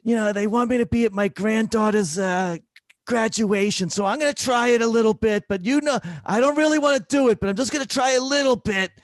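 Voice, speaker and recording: A woman's voice: a little high, brisk, no echo, clean studio sound, voice pushed up, natural voice. A man voicing a feisty woman in her eighties, a blunt former dancer and cancer patient. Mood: coaxing. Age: 80s. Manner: blunt, brassy, teasing.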